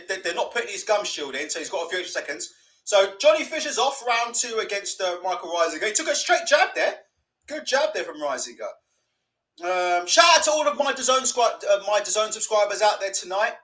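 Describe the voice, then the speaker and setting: A young man hosts a live boxing watch-along, mocking and sweary. His voice sits high and swings widely in pitch. It has a bright, sharp edge. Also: big pitch swings, brisk. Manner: sweary, mocking, laughs a lot. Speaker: livestream host.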